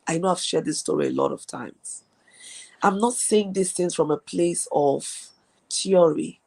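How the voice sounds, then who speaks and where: A woman hosts a motivational live stream and speaks with earnest conviction. Her voice sits low and has a gravelly, husky edge. She repeats her key lines to drive them home. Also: very animated, a little slow, darkish tone. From Nigeria. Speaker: host.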